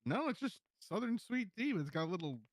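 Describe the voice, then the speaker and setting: A man's voice: high-pitched, sing-song, fast talker, no room sound. A man in a role-play game chatting casually in easygoing banter. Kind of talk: casual chat.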